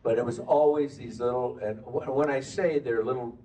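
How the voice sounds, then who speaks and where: A man actor reminisces at a convention panel in an average-pitched, easygoing voice. He drops in joking asides, and his voice is caught by a distant mic in the hall. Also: steady tone, normal speed, warm tone.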